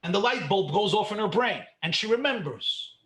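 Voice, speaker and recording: A man's voice: sits high, lively intonation, normal speed, fairly bright tone, reverberant. A man from New York, a rabbi, telling a story in a lecture with rhetorical questions and chuckles at his own jokes.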